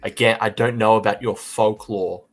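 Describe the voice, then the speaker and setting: A man's voice: on the low side, steady tone, moderate pace. A man co-hosting a live fan podcast in casual chat, teasing and laughing a lot. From not American. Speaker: podcast co-host.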